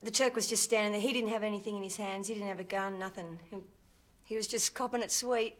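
A woman's voice: mid-range voice, steady tone, quick pace, close to an everyday voice. An actress playing a hesitant woman giving witness testimony in a film drama, with many fillers. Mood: flat. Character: young female witness, vague and hesitant. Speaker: witness in a murder case.

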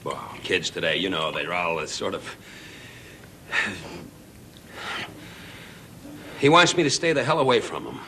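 A man's voice: low-pitched, very animated, normal speed, pushed and bright, a little hiss or hum, exaggerated voice. An actor playing a rich, lonely middle-aged father in a sitcom, pleading with his estranged son over the phone and then covering it with forced bluster. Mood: forced cheer. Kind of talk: sitcom acting. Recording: studio audience laughter.

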